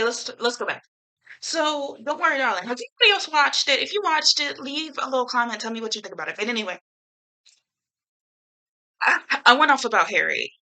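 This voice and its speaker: Young woman, YouTuber, casual chat, bright forceful voice, animated, slangy, swears freely. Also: on the high side, rough recording. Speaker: YouTuber reviewing a film. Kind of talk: casual chatty movie review.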